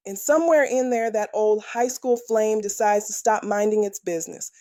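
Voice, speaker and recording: A woman's voice: medium pitch, moderate pace, warm tone, no room sound, clean studio sound. A woman hosting a true-crime podcast, delivering scripted commentary with sassy, playful slang asides. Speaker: podcast host.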